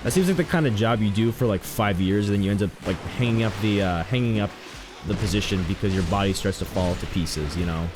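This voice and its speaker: A man's voice: lowish voice, fast, background noise. A young man chatting casually while streaming a game, joking, rambling and telling stories to his chat. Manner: joking, rambling, animated storytelling.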